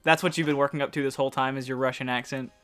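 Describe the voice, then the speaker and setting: A man's voice: mid-range voice, steady tone, very fast, a bit bright, clean tone, soft background music. A young man co-hosting a gaming podcast, rambling and laughing his way through casual chat. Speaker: podcast co-host.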